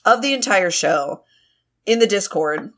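A woman's voice: mid-range voice, animated, a little slow, fairly bright tone. A woman co-hosting a podcast in casual, jokey banter, laughing often and swearing freely. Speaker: podcast co-host.

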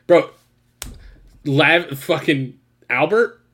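A man co-hosting a podcast, telling stories in an animated, profane, exasperated way. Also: on the high side, drawn-out words, breathy edge. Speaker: podcast co-host. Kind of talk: casual podcast chat.

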